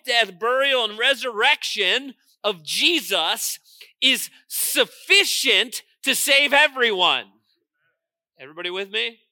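Bright, high-voiced preaching man. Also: dry recording, clean studio sound. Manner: emphatic preaching, swinging from loud stresses to quiet asides; asks the congregation questions. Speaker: pastor. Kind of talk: sermon.

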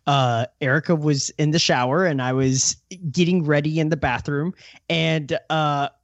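A man co-hosting a casual film podcast, telling anecdotes in a halting, laughing way. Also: fairly high pitch, fairly even intonation, dry recording, highs cut off. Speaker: regular podcast co-host.

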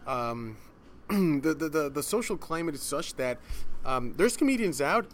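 A man's voice: fairly high pitch, very animated, a little slow, slight background noise. A man co-hosting a casual podcast, talking in a chatty, hesitant way full of fillers. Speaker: podcast co-host. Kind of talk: casual chat.

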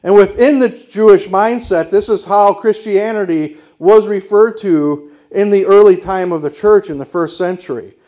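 A male pastor delivering a sermon in a fairly high voice. He speaks in firm, declarative statements and puts rhetorical questions to his congregation. His delivery is emphatic and insistent. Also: moderate pace, few pauses, dark tone, lo-fi sound.

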